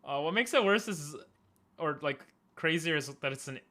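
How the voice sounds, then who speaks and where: A man streaming a game live from his room, talking to himself in halting, frustrated bursts with frequent restarts and laughs. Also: on the high side, expressive, pushed and bright. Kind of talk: live gameplay commentary.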